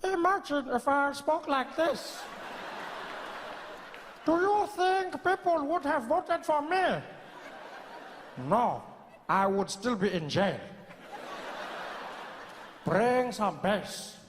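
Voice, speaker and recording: A man doing a slow, grand, dryly teasing elderly statesman in a stand-up impression, dragging out every word. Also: very high-pitched, very animated, in a large hall, a little hiss or hum, full character voice. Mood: amused coaching. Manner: slow, drawn-out, deliberate delivery with long pauses.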